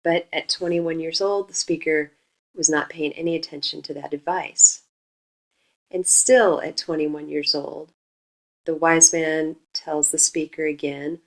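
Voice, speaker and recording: Slow, low-voiced woman teaching. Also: fairly even intonation, poor audio. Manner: slow, deliberate explaining, stresses beats when scanning verse. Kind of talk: recorded lecture on poetry.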